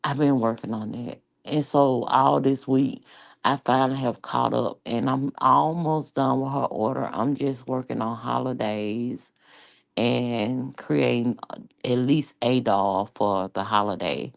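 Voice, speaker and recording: A woman with an Atlanta accent rambles to her viewers in a loose, chatty vlog, cursing as she goes. Her voice sits very low and gravelly, and she takes her time. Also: steady tone, a little slow. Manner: rambling, chatty, swearing freely. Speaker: YouTube vlogger. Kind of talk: casual chat to viewers.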